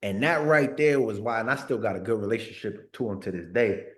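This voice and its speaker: A former pro football player in his thirties from Northern California tells stories in a sit-down interview, laid-back and slangy, often saying "like" and repeating words. His voice is on the low side, expressive and a little fast.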